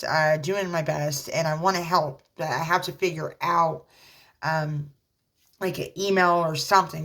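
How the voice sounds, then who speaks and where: Deep-voiced mom vlogging, rambly and earnest, lots of ums and likes. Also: female voice, a bit bright. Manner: rambling, halting, many fillers and restarts; earnest, religious encouragement. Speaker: mother. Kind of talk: casual talk to camera.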